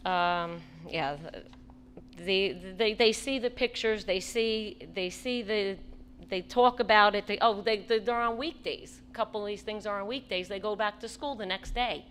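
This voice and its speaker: A woman's voice: medium pitch, fairly bright tone, slight background noise. Impassioned woman at public comment. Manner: impassioned, pleading, halting restarts. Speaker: parent speaking at public comment. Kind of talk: public comment at a school board meeting. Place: public meeting room.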